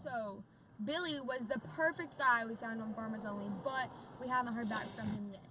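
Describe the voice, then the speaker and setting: A woman's voice: fairly high pitch, fairly quick. A woman contestant chatting casually to camera, explaining things plainly. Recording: distant phone mic in a noisy car.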